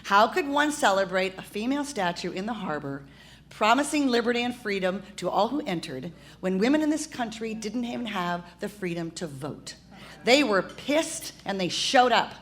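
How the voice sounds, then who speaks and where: A woman's voice: a little high, expressive, normal speed, fairly bright tone. A woman in her sixties hosts a live stage comedy show. She rants with passion and stammers as she tries to get her words out. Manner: impassioned, stammering rant. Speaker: host and producer.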